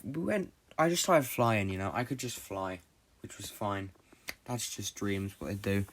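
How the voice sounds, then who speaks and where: Rambling young man recounting a dream. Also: lowish voice. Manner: fast, rambling, frequent swearing and fillers. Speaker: podcast host. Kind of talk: casual rambling storytelling.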